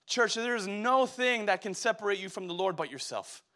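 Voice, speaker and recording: A man's voice: sits high, expressive, moderate pace, sharp tone. A young man preaching a sermon, exhorting the church directly and asking call-and-response questions.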